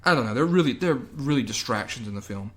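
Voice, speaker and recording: Male podcast co-host, casual, sarcastic recapper, mid-range pitch. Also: lively intonation, fast talker. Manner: rambling, sarcastic, with loud mock quotes. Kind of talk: casual movie review chat.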